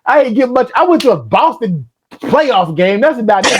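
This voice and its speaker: A middle-aged man hosting a casual interview, telling stories in a lively, slangy way and laughing often. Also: sits high, normal speed, very noisy. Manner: animated storyteller, slangy and laughing. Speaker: podcast host.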